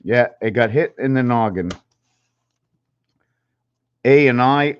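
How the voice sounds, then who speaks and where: A man talks to his channel in a halting, musing way, counting numbers and spelling letters aloud as he draws. He sounds a little out of breath. His voice sits at a middling pitch, and the recording is slightly dull. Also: clean tone. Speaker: channel host. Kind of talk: rambling numerology talk while drawing.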